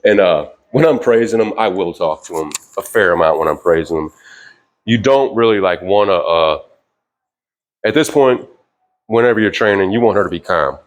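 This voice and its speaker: Deep-voiced man teaching dog training. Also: moderate pace. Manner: relaxed, rambling with fillers, sharp higher commands to the dog. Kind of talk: casual instructional talk. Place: indoors with a dog.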